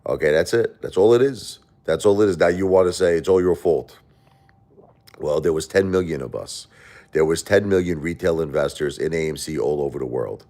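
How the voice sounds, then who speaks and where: Deep-voiced defensive man on a livestream. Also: fairly quick. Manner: defensive, repetitive, animated storyteller. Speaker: livestream host. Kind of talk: casual livestream chat answering viewer questions.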